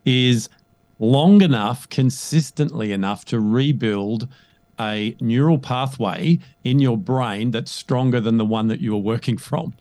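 A man's voice: medium pitch, measured pace, no room sound. Emphatic male coach in an interview. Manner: emphatic, animated, often asks "right?". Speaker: guest, leadership coach. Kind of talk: conversational interview.

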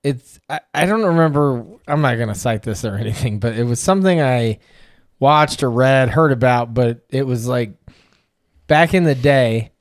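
A man's voice: mid-range voice, normal speed, dry recording, clean studio sound. A man co-hosting a casual podcast, rambling and interrupting himself as he talks, laughing often between thoughts. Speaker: podcast co-host. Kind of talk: casual chat.

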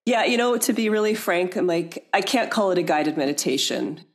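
A woman's voice: fairly low pitch, animated, fairly quick. A woman guest on a podcast who runs her own aromatherapy business. She chats casually, laughs a lot and often trails off mid-sentence. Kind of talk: casual interview chat.

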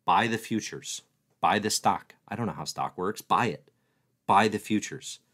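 At a measured pace and fairly low pitch, a livestream host chats casually through his weekly show, responding to viewer comments. He's playful and excitable, often joking at his own expense.

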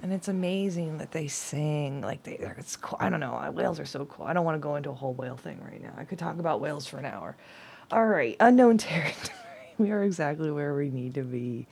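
A middle-aged woman with a low voice talks through a card reading in a loose, rambling way, full of fillers and laughs. Now and then she drops to a soft whisper. Faint room noise sits behind her. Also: animated, quick pace, vocal fry. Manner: rambling, chatty, laughs often, many fillers. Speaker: tarot and oracle card reader. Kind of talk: casual card-reading chat.

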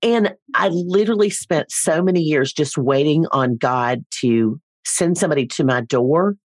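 A woman's voice: sits low, moderate pace, dry recording. A middle-aged woman, a speaker coach, chatting as a guest and telling stories with playful asides. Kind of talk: casual interview.

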